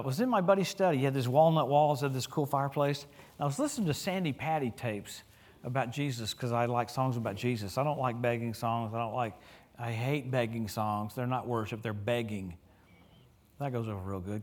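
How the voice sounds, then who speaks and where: A middle-aged man preaching a sermon in a church, telling stories with humor and swinging his voice up and down as he gets caught up. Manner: animated storytelling with humor, lively pitch swings. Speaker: guest preacher.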